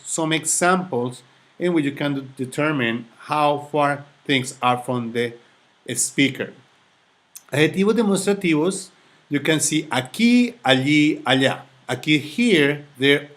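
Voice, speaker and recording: A man, tutoring through a slide lesson, talking deliberately and repeating each example. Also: fairly high pitch, a bit bright. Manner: slow, deliberate, repeats examples in two languages. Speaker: language tutor.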